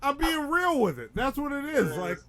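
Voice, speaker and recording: Animated man co-hosting a comedy podcast. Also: very high voice, moderate pace, a loud crowd. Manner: animated, emphatic, repeats himself for effect. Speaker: podcast co-host. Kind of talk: casual comedic chat.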